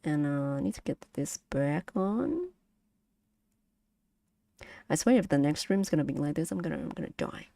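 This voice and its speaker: A young woman with a Vietnamese accent, teaching Vietnamese on a casual stream, speaking haltingly with many fillers and repeats. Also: low voice, lively intonation, gravelly, warm tone, dry recording. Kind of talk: casual language lesson stream.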